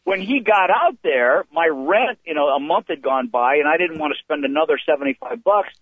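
An older man tells long, rambling stories with an animated, slightly high voice. His voice is dry and close, squeezed through a tinny phone line. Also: normal speed, dry recording. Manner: rambling, animated storytelling with restarts. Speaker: comedian guest. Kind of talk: anecdotal storytelling. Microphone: phone call.

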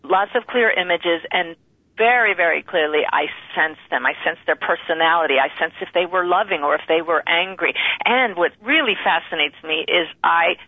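A guest in a conversational interview, explaining things in a calm, assured way. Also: medium pitch, normal speed, no echo. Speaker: guest medium. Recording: tinny phone line.

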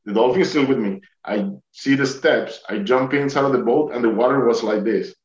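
An earnest man recounts his story with heartfelt conviction, peppering it with "like" and "you know". His voice sits at an ordinary pitch and sounds roomy and slightly dull, as if captured in an echoing space. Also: brisk. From Atlanta, Georgia. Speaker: guest telling his survival story. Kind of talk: emotional storytelling.

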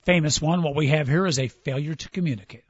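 A husky man with a voice on the high side, a fast talker, hosts a casual sports talk radio show. He quizzes his co-host on movie lines in an upbeat way, reads them aloud, and laughs easily. The dull, dry studio has no room sound.

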